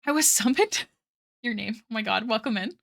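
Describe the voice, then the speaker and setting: A woman's voice: fairly high pitch, animated, moderate pace, vocal fry, fairly bright tone. A young woman streaming her art, chatting casually and rambling with frequent laughs while reading chat aloud.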